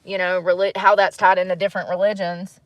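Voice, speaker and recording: A woman's voice: lowish voice, quick pace, no echo. Chatty woman in her thirties musing aloud. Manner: musing, animated, laughs often. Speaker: vlogger. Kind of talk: casual reflective monologue.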